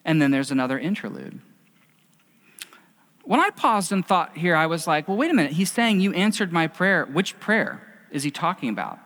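A man's voice: fairly high pitch, big pitch swings, moderate pace, a bit bright. A middle-aged man preaching a sermon in a conversational, storytelling way, acting out quotes as he goes. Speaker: pastor. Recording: long reverb of a hall.

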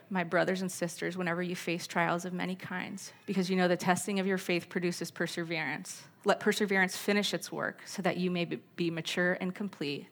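A middle-aged woman giving a candid church talk on parenting, mixing personal stories with scripture quotes. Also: fairly low pitch. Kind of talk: sermon-style teaching talk.

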